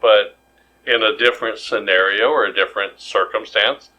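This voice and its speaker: A man's voice: on the low side, steady tone, moderate pace, sharp tone, rough recording. A man co-hosting a podcast in casual chat, rambling and jokey with many restarts. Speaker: podcast co-host.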